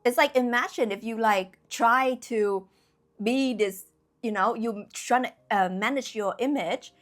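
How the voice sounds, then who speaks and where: Young female spiritual vlogger, direct and blunt delivery, slightly high pitch, light background music. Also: unhurried. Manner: blunt, emphatic, conversational with many fillers. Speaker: spiritual YouTuber. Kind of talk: casual direct-to-camera talk.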